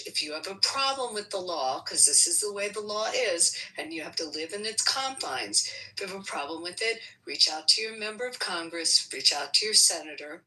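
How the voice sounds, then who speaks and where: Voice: medium pitch, pushed and bright, recorded from a distance, low-quality recording. A participant in a heated discussion who firmly lays out step-by-step advice in an instructive way. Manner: firm, instructive, lays out steps.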